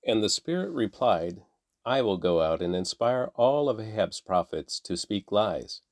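A man reading a Bible passage aloud in a measured, plain way, lifting his voice for quoted lines. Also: fairly low pitch, sing-song, no room sound, clean studio sound. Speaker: Bible reader. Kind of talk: scripture reading.

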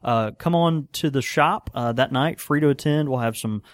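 A man, co-hosting a casual talk show from a small pipe shop, relaxed and chuckling, with lots of fillers and restarts. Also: medium pitch, normal speed, no echo, clean studio sound. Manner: laid-back, chuckling, many fillers and restarts. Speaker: podcast co-host and pipe shop worker. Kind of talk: casual chat.

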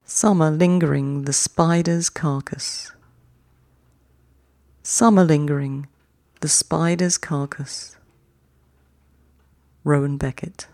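A poetry-podcast host reads short poems in an unhurried, deliberate way, pausing long between lines. The voice is mellow and of middling pitch. The sound is dry and close, with no room around it. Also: no room sound. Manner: reads each short poem twice with long pauses; chatty, quicker sign-off. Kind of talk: slow, measured poetry reading.

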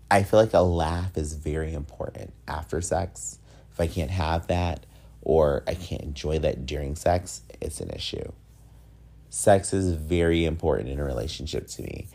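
A man's voice: very deep voice, creaky, darkish tone. A young man hosting his own podcast alone, talking candidly and with camp sass. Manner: candid, sassy, campy. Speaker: podcast host. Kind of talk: casual solo podcast chat.

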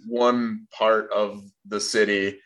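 A man who is a guest on a podcast, chatting casually over a video call and cutting in with quick jokes. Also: lowish voice, level tone, a bit bright. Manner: quick, joking interjections. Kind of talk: casual chat.

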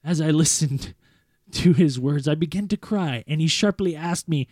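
A man reading a first-person story aloud in a measured, earnest way, as a podcast host. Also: a little high, darkish tone, no room sound, studio quality.

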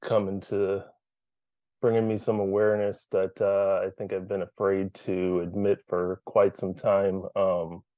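Man in a support group, low voice, candid and profane, sharing over a dull dry video call line. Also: level tone, unhurried, no room sound. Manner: candid, swears freely, searching aloud.

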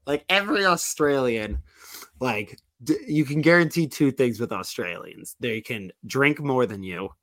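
A man's voice: mid-range voice, lively intonation, measured pace, fairly bright tone, no room sound. A man co-hosting a podcast, telling a long story in a casual, rambling way with lots of "like" and restarts. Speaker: podcast co-host.

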